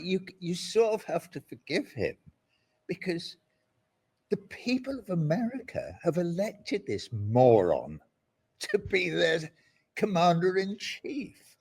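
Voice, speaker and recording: An outspoken older man, an interview guest talking about politics, sardonic and animated, with mocking asides and rambling tangents. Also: mid-range voice, breathy edge. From England.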